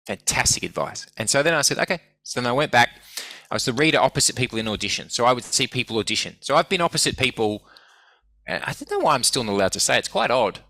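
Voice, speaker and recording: A man spins animated anecdotes, swearing freely and acting out the voices of people in his stories. His voice has a forceful, bright edge. The recording is close and dry, with no room sound. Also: medium pitch, dry recording. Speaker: guest. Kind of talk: casual storytelling.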